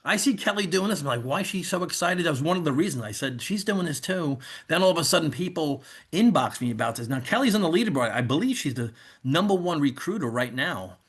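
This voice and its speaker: A man's voice: a little high, animated, fast, breathy edge. A man in his fifties with a New York accent hosting an online info session in a rambling, conversational way. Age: 50s. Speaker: host. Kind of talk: casual online presentation.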